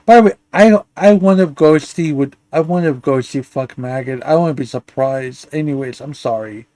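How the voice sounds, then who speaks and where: Hosting a live commentary stream, a man with a fairly high but dark-toned voice rants at a moderate pace. He's profane and insulting, angry, and keeps stumbling into restarts, with no echo on the sound.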